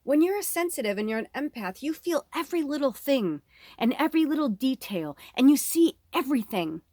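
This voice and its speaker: A woman's voice: sits high, big pitch swings, a little fast, dark tone, dry recording. A woman in her thirties giving a casual psychic reading, talking candidly and rambling, swearing freely. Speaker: psychic medium. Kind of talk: casual spiritual reading monologue.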